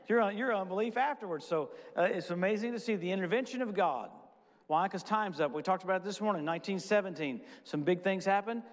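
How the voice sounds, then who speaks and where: A middle-aged man preaching a sermon, telling testimonies in a casual storytelling way with quick asides. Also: high voice. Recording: long hall reverb.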